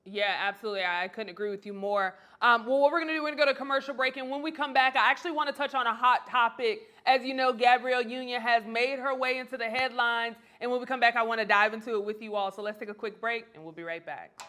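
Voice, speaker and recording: A woman hosting a comedy news show, steering the panel with brisk questions. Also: on the high side, sharp tone. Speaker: host.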